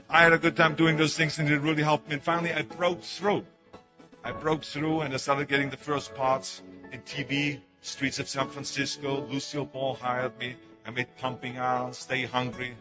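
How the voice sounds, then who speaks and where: On a muffled recording, a public speaker with a mid-range voice gives a story-filled motivational talk. He's an older native German speaker with an Austrian German accent who speaks emphatically and performs the quotes he tells.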